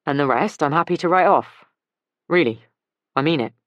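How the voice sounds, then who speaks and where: Woman reading a quiet, gruff, modest man, low voice, dry recording. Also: normal speed, no room sound, lightly acted. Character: kind, modest man mechanic.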